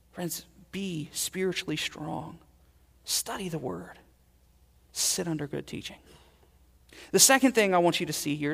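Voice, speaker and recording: A man preaching a sermon as pastor, earnest, swelling loud and then dropping to quiet emphasis. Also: fairly high pitch, creaky, long reverb tail.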